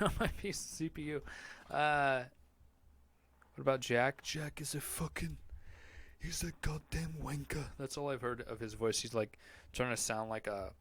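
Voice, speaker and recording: A man hosting a casual live Q&A podcast, answering chat in a rambling, profane, joking way. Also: mid-range voice.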